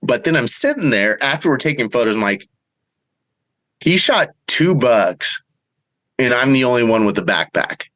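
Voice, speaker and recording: A middle-aged man, a bowhunter guest, telling a story in a casual way and acting out the quotes with big jumps in pitch. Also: expressive, fast talker, hardly any pauses, fairly bright tone, low-quality recording.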